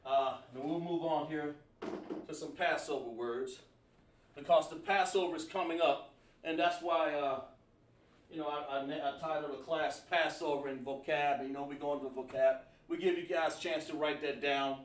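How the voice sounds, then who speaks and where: Captured from a distance in an echoey room, a man gives a classroom lesson at a board in a slightly high voice, keeping a steady tone at normal speed. He explains word by word, leaning on many fillers and repeating himself.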